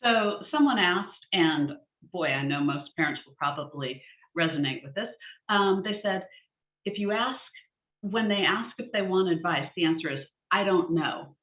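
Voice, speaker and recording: A woman's voice: on the low side, animated, moderate pace. A woman hosting, chatting as she passes on questions from the audience. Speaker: host. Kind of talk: interview questions. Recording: tinny echoey call audio.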